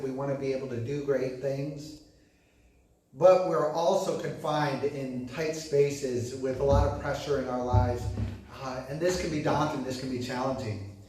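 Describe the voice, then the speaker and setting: A man, preaching a gentle, earnest sermon full of fillers. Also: a little high. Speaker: pastor. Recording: echoey room.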